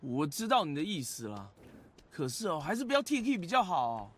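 A woman's voice: low voice, big pitch swings, brisk, breathy edge, exaggerated voice. An actress voicing a nervous young female college student in a horror game, jittery and muttering to herself. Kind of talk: game voice acting.

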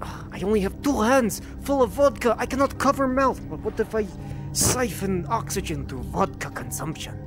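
A man's voice: sits high, animated, moderate pace, over music, pitched above the performer's own voice. A man voicing a boisterous vodka-obsessed Russian soldier with a put-on Russian accent and broken English. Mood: boastful. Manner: broken English, loud and theatrical.

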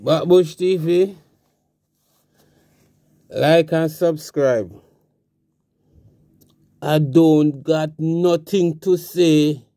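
A man's voice: fairly high pitch, mellow, dry recording, studio quality. A man hosting a commentary vlog, remarking on a clip in a laid-back way and repeating his channel name. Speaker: channel host.

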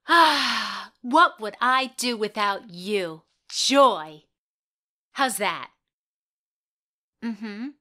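A woman's voice: on the high side, pushed and bright, heavily acted. A woman performing an eager young actress at an audition in an audio play monologue, dramatic and swinging between whispers and outbursts.

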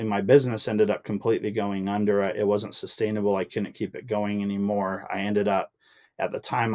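A man's voice: on the low side, a little mellow. A young adult man sharing a heartfelt personal testimony as a podcast guest, earnest and emotional, his voice rising when he recalls frustration. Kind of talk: personal testimony in casual chat.

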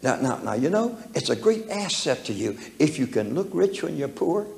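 On the high side, creaky and a little mellow, this older man's voice moves through big pitch swings at normal speed. He preaches in a church hall, folksily chuckling through a personal story and performing its voices amid echo and faint background noise.

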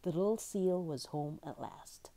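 Woman storyteller for a children's book, gentle and mellow, lively expressive reading. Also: lowish voice, a little slow. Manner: expressive, gentle read-aloud.

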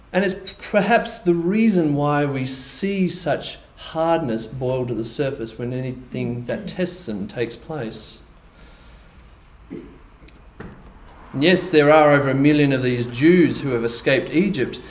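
A man preaching a conversational sermon, with animated asides in which he voices imagined reactions. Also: a little high, reverberant, poor audio. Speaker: pastor. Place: church hall.

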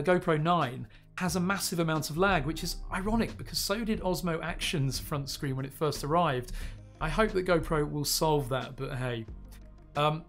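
Man, live stream host, chatty, reads the chat aloud, voice a bit high and getting hoarse. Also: fairly bright tone. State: voice going hoarse, clearing throat.

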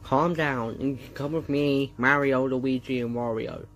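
A woman voicing a calm grown-man hero who leads a rescue, talking in a steady, bossy, soothing way during toy play-acting with a child. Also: a bass voice, a little slow, a little hiss or hum.

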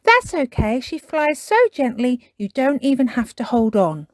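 A woman's voice: high voice, big pitch swings, unhurried, dry recording, clean studio sound, voice pushed up. Woman doing a squealing eager girl piglet. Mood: excited. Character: excited little girl piglet, bossy and bubbly. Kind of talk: storybook reading.

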